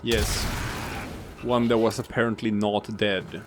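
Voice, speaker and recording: Man, low voice, casual game commentary, explains mechanics, jokes, noisy home recording. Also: level tone, takes it slowly. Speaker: co-host watching a gameplay let's play.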